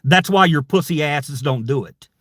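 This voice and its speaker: A man's voice: on the high side, animated, normal speed, a bit bright. A man hosting his own channel, ranting angrily at online critics in a heated, profane, confrontational way. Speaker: channel host. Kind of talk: angry livestream rant.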